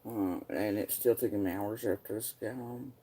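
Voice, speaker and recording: Male vlogger, dark mellow voice, angry profane rant over old messages. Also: fairly low pitch, moderate pace, slight background noise, poor audio. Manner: bitter and profane, reading out messages.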